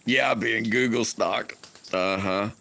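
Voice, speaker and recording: A man's voice: lowish voice, slow pace, creaky, bright, forceful tone. A man hosting a casual live stream, chatting with viewers about his workshop in a rambling, self-correcting way. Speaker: livestream host and slingshot maker. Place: home on a wooded property.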